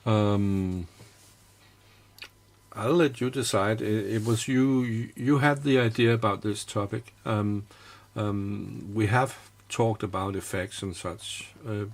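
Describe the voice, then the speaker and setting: A man hosting a casual call, speaking slowly with a gravelly edge and many restarts. He sounds unhurried as he hands the floor to others. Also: on the low side, steady tone. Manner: slow, halting, repeats words. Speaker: host. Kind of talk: casual chat. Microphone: video call.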